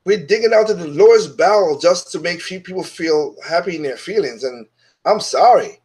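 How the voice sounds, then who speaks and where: A man's voice: high voice, animated, moderate pace, a little mellow. A man hosting his own opinion show, talking bluntly and dismissively in a casual monologue that is full of restarts.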